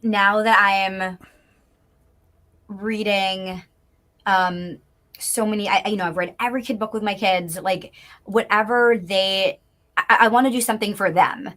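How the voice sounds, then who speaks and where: Female voice actor guest, mid-pitched, chatty and bubbly, filler-heavy, on a video call. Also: fairly even intonation, a bit bright. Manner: chatty and bubbly, many fillers, quick laughs. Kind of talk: casual live interview chat.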